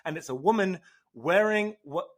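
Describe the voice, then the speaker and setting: A young man co-hosting a podcast in casual chat, animated and self-deprecating. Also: sits high, moderate pace. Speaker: podcast co-host.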